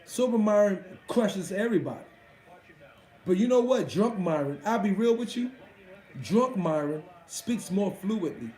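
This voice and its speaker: A man's voice: high-pitched, lively intonation, unhurried, a little mellow, roomy sound, low-quality recording. A man hosting a live stream, chatting casually with his viewers in a profane, boastful way. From Washington D.C.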